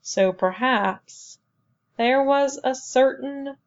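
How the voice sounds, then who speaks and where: A woman narrates a novel in an unhurried, measured way, with a voice that sits a little high. The recording sounds slightly dull and lo-fi. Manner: measured, even storytelling. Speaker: audiobook narrator. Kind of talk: scripted narration.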